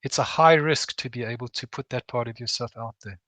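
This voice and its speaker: A man's voice: mid-range voice, a little fast, pushed and bright, no room sound. Middle-aged guy talking earnest and plain, mid voice, dry close mic. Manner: earnest, plain-spoken, acts out quoted dialogue. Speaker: veteran and author, guest speaker. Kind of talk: reflective talk.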